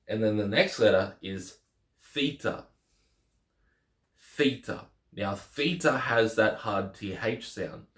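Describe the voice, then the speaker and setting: A man's voice: lowish voice, a bit bright, echoey room. A man teaching the Greek alphabet in a casual lesson, patiently repeating each letter name.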